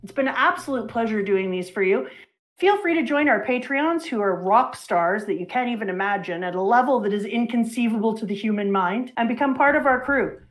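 A woman co-hosting a casual chat as a mother reading comics, playful and animated, with sudden dramatic swings in her delivery. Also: a little high, fairly quick.

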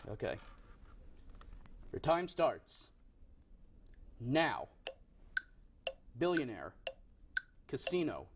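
A man's voice: mid-range voice, huge pitch swings, drawn-out words, long pauses, slight background noise. A young man hosting a game show in a TV studio, with upbeat patter and frequent self-corrections.

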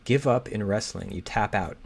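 A man's voice: fairly low pitch, gravelly, slight background noise. A man thinking aloud as he solves a crossword, hesitantly reading clues and guessing answers. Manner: muttering, hesitant, reads clues aloud slowly. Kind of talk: thinking aloud while solving. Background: keyboard typing and clicking.

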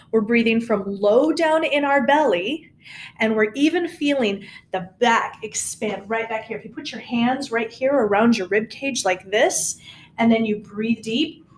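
Woman, choir teacher, high voice, cheerful and encouraging, clear coaching tone. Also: a little hiss or hum. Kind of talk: recorded singing lesson.

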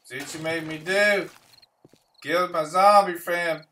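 A man's voice: fairly high pitch, steady tone, a little slow, pushed and bright, distant mic, slight background noise. A man giving casual gameplay commentary, grumbling and swearing to himself as he plays. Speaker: gameplay streamer.

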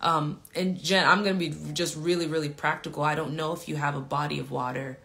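A woman's voice: low voice, steady tone, a little fast, vocal fry, a bit bright. A woman leading a live prayer stream, praying aloud in an earnest, repetitive way with loose fillers, then chatting with her viewers. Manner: earnest, repeated appeals and declarations, loose with fillers. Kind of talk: spontaneous spoken prayer and chat with viewers.

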